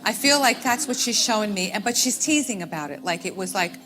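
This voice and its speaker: A woman's voice: medium pitch, animated, brisk, fairly bright tone, faint music behind. A woman working as a stage medium, addressing audience members one by one and calling them sweetheart and honey. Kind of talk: live audience reading.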